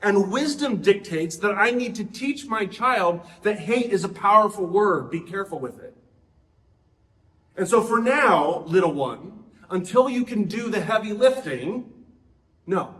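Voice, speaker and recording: A man's voice: high voice, big pitch swings, measured pace, long pauses, fairly bright tone, echoey room. Man preaching a conversational sermon. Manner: conversational, asks the audience questions.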